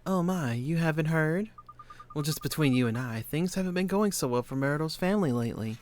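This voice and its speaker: A woman voicing a kindly, gossiping old neighbor in a video game, talking softly and fussily. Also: deep voice, lively intonation, brisk, slight background noise. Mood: gossipy. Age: older. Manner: soft-spoken, fussy, gossiping.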